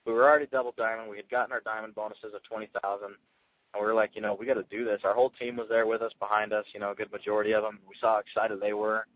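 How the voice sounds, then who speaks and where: Fast-talking man on a lo-fi call. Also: fairly low pitch, no room sound. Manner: energetic, storytelling, earnest. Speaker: guest speaker. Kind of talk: motivational call talk.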